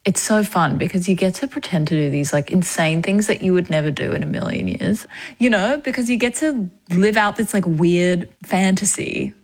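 A woman's voice: on the low side, normal speed, darkish tone, rough recording. A young woman, an actress being interviewed, talking chattily with fillers and laughs. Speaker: actress, guest. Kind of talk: casual interview chat.

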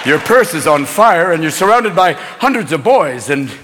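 A man performing a stand-up comedy set on stage, rapid-fire and switching into shouted silly voices. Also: fairly high pitch, very animated. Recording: live hall recording with crowd noise. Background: laughing audience.

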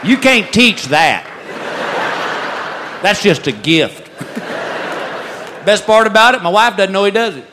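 A man doing stand-up comedy with dry, deadpan storytelling. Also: high-pitched, slow, long pauses. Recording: live club, crowd and noise.

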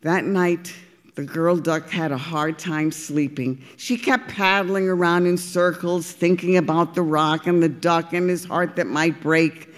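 A woman narrating a storybook, expressive and deliberate. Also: on the low side, big-room sound. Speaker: audiobook reader.

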